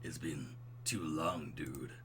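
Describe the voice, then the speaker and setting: A man voicing a smooth, laid-back young dad and old college buddy in a slow, deep, buttery drawl for a dating game. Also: slight background noise, heavily acted. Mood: friendly. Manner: slow, mellow drawl ending on "bro".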